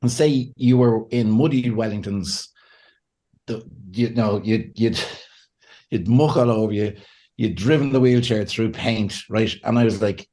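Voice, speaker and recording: Animated man talking faith. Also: on the low side, a little slow. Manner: animated, laughs often, acts out quotes. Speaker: guest, pastor and counselor. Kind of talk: conversational podcast interview.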